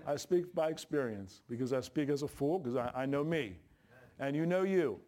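A man preaching a sermon in a folksy, emphatic way, with sudden jumps in pitch and bursts of laughter. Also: animated, moderate pace, a little mellow.

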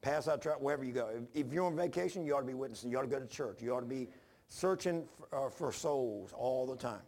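A man's voice: mid-range voice, fast talker, a little mellow. A man preaching an informal sermon, rambling through personal stories with frequent restarts and self-deprecating humor.

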